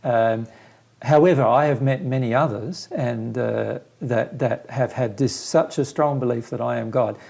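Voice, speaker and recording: Man, spiritual teacher, gravelly voice, a bit husky, earnest, patient, casual teaching talk. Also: medium pitch, measured pace, a little mellow. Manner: earnest, patient, explains with simple everyday examples.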